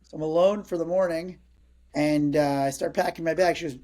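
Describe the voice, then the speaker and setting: A man's voice: a little high, fairly quick. A man in his thirties, a comedian guest, telling a story in casual chat with lots of energy. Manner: energetic, acts out other people's lines.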